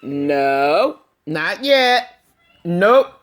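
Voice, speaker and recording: Slow, coaxing older woman. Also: fairly low pitch, very animated. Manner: coaxing, teasing, laughs often. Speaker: grandmother training her dog. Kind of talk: casual home video.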